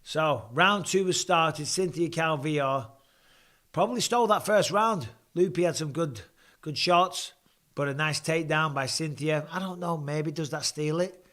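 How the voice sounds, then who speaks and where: Man, middle-aged, fight-night stream host, casual chat, higher-pitched voice. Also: measured pace, pushed and bright. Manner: chatty, swears casually, reads out viewer comments. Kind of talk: live fight watch-along chat.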